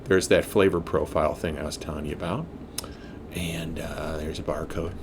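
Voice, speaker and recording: A man's voice: rumbling low, fairly even intonation, normal speed, noisy background. A man giving a casual beer review from his home basement, joking offhandedly as he reads the label aloud.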